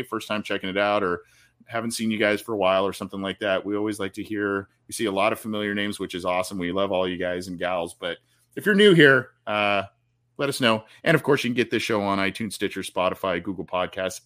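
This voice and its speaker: A man's voice: on the low side, a bit bright. A man hosting a live sports talk show, upbeat and rambling, often repeating words as he talks. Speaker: podcast host. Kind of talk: casual live-stream chat.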